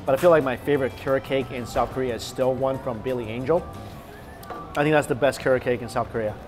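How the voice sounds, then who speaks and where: Tasting and recommending dishes on his casual food vlog, this host is eager and talkative, pausing to savor bites between lines. He talks fast at a medium pitch with fairly even intonation, over a music bed.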